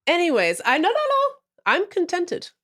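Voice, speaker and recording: Lively, profane woman podcast co-host. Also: extremely high pitch, moderate pace, no room sound, clean studio sound. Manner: animated, profane, mock-outraged storytelling. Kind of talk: casual livestream chat.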